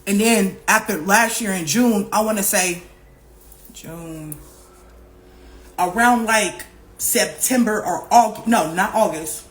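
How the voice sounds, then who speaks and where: A young woman telling a casual storytime vlog, profane and animated, repeating herself and acting out what other people said. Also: medium pitch, slow, long pauses. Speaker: vlogger.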